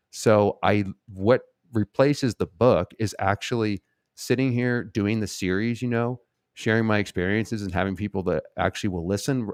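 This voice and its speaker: Low-voiced blunt man hosting a live chat. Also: dry recording, clean studio sound. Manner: blunt, rambling and profane. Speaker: host answering viewer questions on a live stream.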